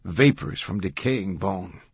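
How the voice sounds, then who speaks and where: A tense, scholarly male professor, speaking in clipped lines, as a deep-voiced narrator plays him. The voice is very husky, and the recording sounds dull and dry. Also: takes it slowly, dry recording, exaggerated voice. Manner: terse, near the narrator's own voice.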